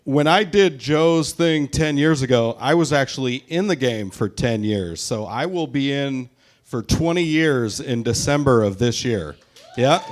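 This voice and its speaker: Man in his 40s, stand-up comic, crude, swears a lot, self-deprecating, mid-pitched, stage mic. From Tacoma, Washington, US. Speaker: stand-up comedian. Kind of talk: live stand-up set. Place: live show at a brewery.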